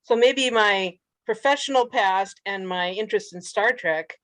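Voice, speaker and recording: A woman's voice: mid-range voice, unhurried, a bit bright, no room sound, low-quality recording. Matter-of-fact woman explaining her work. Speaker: podcast co-host. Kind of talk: casual group video chat.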